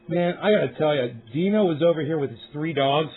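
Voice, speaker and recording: A laid-back man chatting on a livestream from home, his voice sitting a little high for a man. He rambles easily and swears freely. The sound is thin and tinny, like a phone line. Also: fairly quick, few pauses, slight background noise. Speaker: livestream host. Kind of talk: casual livestream chat.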